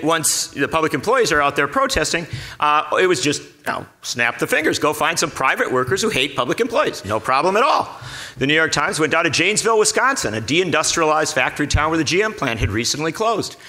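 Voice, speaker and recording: A man's voice: fairly high pitch, sharp tone. A man speaking on a conference panel, telling a story with a sarcastic edge. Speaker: panelist reporter.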